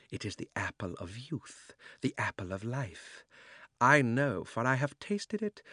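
A man's voice: mid-range voice, a bit bright, no echo, studio quality. A man reading an audiobook, voicing a cold, cunning sorceress who coaxes and scorns, her voice sometimes sinking to a whisper. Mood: scheming. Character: cold tempting sorceress queen, fierce and cunning.

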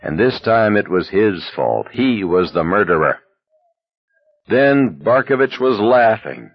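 A man narrating an audiobook in an expressive, dramatic reading. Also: fairly low pitch, slow pace, dry recording, dull audio.

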